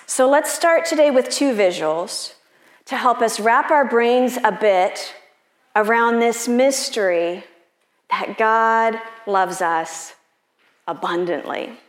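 A woman pastor preaches in a slow, unhurried, conversational way. Her voice sits a little high, and she speaks personally to the people in front of her. The sound echoes around a large church sanctuary. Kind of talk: sermon.

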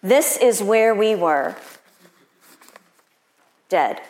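A woman pastor preaching a sermon in an unhurried, conversational and personal way. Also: medium pitch, expressive, darkish tone, reverberant.

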